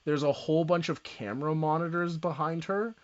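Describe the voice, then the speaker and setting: A man narrating as game master of a tabletop game, describing scenes in a loose, unhurried way. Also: fairly high pitch, fairly even intonation. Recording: dull lo-fi sound.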